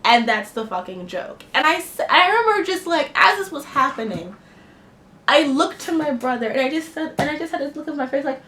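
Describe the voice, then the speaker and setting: A woman with a fairly high voice delivers a blunt, impassioned film review. She sounds indignant and talks casually. Her voice rings in an echoey room over a faint background hiss. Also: lively intonation, brisk, pushed and bright. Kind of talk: opinionated spoken film review.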